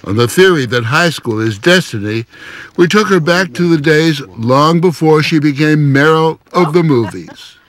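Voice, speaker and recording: A man narrating a TV news feature and interviewing in a measured, wry way. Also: on the high side, animated, fairly bright tone. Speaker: TV news correspondent. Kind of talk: scripted broadcast narration and interview.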